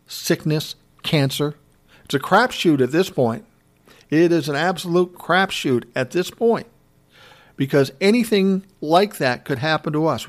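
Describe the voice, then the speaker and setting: A man in his sixties hosting a solo podcast, telling personal stories in a candid, reflective, conversational way. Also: mid-range voice. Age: 60s. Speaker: podcast host.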